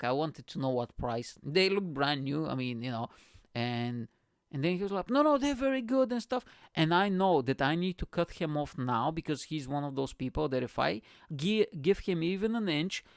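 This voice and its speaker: A man's voice: a little high, moderate pace, gravelly, clean tone, no echo, clean studio sound. A male comedian hosting his own show and telling a rambling, profane story, full of "you know" and "right?". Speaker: comedian host.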